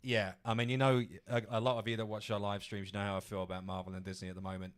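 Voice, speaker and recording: A man's voice: lowish voice, flat delivery, very fast. A man co-hosts a casual livestream chat. He rants bluntly and swears freely. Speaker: co-host of a movie news livestream.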